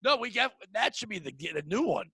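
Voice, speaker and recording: A man hosting a casual comedy podcast, riffing excitably on a movie idea and bursting into shouted bits. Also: high voice, fairly quick, vocal fry, husky, no room sound, rough recording. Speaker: podcast host.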